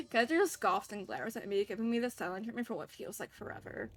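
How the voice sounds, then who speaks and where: A woman's voice: fairly high pitch, very animated, fairly quick, soft background music. A bubbly, chatty woman streaming a visual novel, reading it aloud with giggles and talking to viewers while a little congested, from her home kitchen. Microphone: desk microphone, not wearing headphones.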